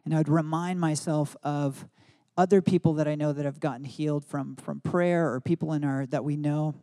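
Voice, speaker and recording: Earnest guy doing a devotional bible talk, prays out loud, mellow kinda high voice. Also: fairly even intonation, moderate pace. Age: adult, married. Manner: earnest, reflective, with spoken prayer declarations. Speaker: preacher.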